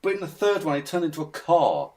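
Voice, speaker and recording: A man's voice: on the high side, very animated, fast talker, darkish tone. Ranting man on a podcast. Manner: ranting, swears a lot, laughs mid-rant. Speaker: podcast guest. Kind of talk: casual podcast chat.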